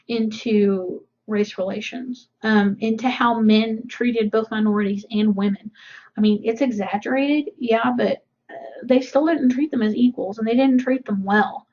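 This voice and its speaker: A woman reads a novel aloud for her class and stops now and then to explain it in casual asides. Her voice sits fairly high. The recording is dull and lo-fi. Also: measured pace, darkish tone. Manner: casual asides between readings. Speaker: teacher. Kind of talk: reading a novel aloud with commentary.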